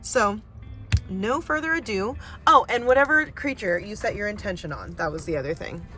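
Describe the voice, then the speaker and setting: A woman at an ordinary middle pitch talks through a casual tarot card reading. She is loud and chatty and fills her sentences with "like" and "you know". Faint music plays underneath. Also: expressive, normal speed. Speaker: tarot reader.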